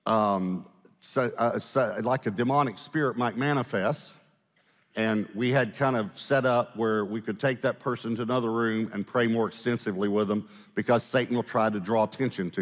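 A man preaching a storytelling sermon, animated, with fast asides and slow dramatic pauses. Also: mid-range voice. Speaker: pastor. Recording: echoey hall, live sermon.

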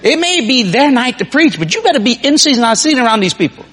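A male preacher, his voice pitched very high and swinging widely as he acts out quotes and laughs through his stories. The tone is husky and breathy. Long reverb trails off in the large hall. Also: fast talker. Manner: animated storytelling, acts out quotes, laughs often. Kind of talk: sermon.

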